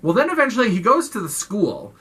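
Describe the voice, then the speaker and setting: Chatty, bright-voiced woman recapping a film. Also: medium pitch, huge pitch swings, a little fast, slightly rough. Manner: chatty, profane, lots of "like". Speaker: film review vlogger.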